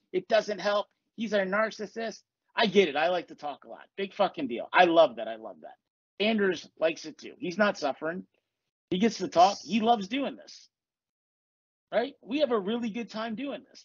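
A man's voice: sits high, slightly rough, no echo, dull audio. A man hosting a podcast, talking casually and bluntly with lots of swearing, as a life coach. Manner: blunt, profane, confessional. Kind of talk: casual chat.

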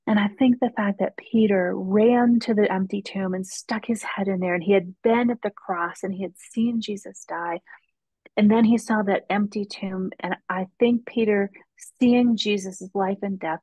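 A woman's voice: mid-range voice, darkish tone, breathy edge, no room sound, low-quality recording. A woman guest author telling a faith story in an earnest way on a casual podcast, with frequent ums and restarts.

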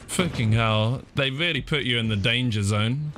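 A man giving let's play commentary on a horror game, panicky, his pitch jumping high when scared, often saying "fudge" in place of swearing. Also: normal speed, hardly any pauses, fairly bright tone, faint music behind. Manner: swaps swear words for "fudge". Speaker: gaming YouTuber.

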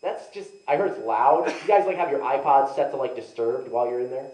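Rambling young comedian in an echoey room. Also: male voice, mid-range voice, lively intonation, brisk, a little mellow, a little hiss or hum. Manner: rambling, self-mocking, heavy use of "like". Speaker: stand-up comedian. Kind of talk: stand-up comedy storytelling. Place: live comedy venue. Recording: echoey room, mic heard from a distance.

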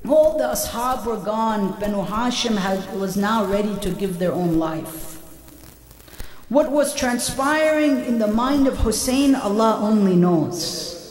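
A male preacher gives an impassioned mourning sermon, chanting Arabic lines amid his telling. His voice sits high and carries a long reverb, picked up from far off in a large hall.

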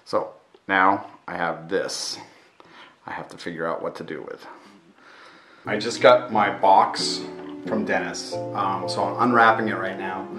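A man's voice: deep voice, steady tone, unhurried, long pauses, bright, forceful tone, soft background music. A man making a casual travel vlog about his life as an artist, chatty and self-mocking, laughing often. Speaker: vlogging artist.

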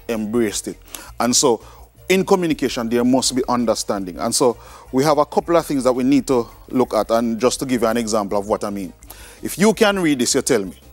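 A man's voice: medium pitch, no echo. A man with a Jamaican accent who teaches a lesson and explains things conversationally, often checking in with his listeners. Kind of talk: recorded classroom lecture.

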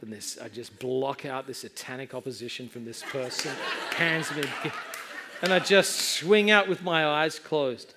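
A middle-aged male pastor preaching a sermon, telling a story with animated, self-mocking comedy. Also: mid-range voice, measured pace, background noise. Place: church service before a laughing congregation.

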